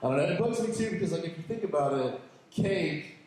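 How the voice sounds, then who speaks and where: On a comedy club stage, a man performs stand-up with a campy, sassy delivery, speaking briskly and expressively in a darkish tone and using high squealing voices for quoted lines in his punchlines. The club is echoey, with audience noise and laughter in the background.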